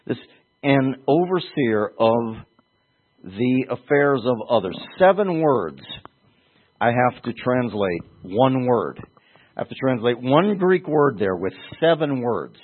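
A man preaching a Bible-teaching sermon in a husky voice, talking conversationally and pressing points with rhetorical questions. The sound is thin and tinny, like a phone line. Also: mid-range voice, big pitch swings, slow pace.

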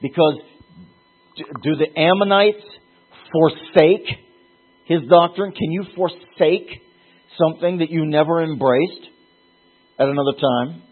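A man teaching from the Bible in a conversational sermon, rising in pitch and force when he drives a point home. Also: unhurried, pauses often, husky. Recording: phone-like lo-fi audio.

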